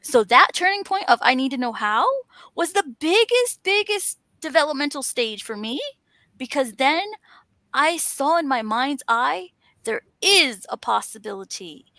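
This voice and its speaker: A woman's voice: high voice, very animated, measured pace, pushed and bright, no echo. A woman talking in an earnest, encouraging way, stacking up emphatic lists. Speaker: author and panel host. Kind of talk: motivational casual chat.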